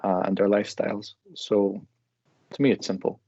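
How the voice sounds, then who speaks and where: Man, friendly lecturer guest, low-ish voice, dull lo-fi call audio. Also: normal speed, dry recording. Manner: relaxed, friendly, self-deprecating. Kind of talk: casual live discussion.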